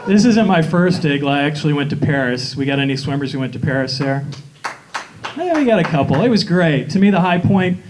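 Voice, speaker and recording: A man's voice: fairly high pitch, quick pace, few pauses. A man from Atlanta with a Southern accent doing a campy, sly stand-up comedy routine on a live stage. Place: live stage before an audience. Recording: live show with crowd noise. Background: audience laughter.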